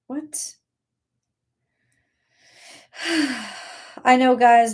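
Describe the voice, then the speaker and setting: A woman giving a casual live tarot reading, excitable, talking to God and her viewers and swearing now and then. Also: sits high, a little slow. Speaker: tarot reader.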